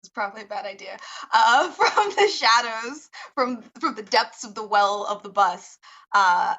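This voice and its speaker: Bright-voiced woman tabletop player. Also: a little high, expressive. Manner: chatty, quick to laugh. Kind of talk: tabletop role-play. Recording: slightly dull lo-fi sound.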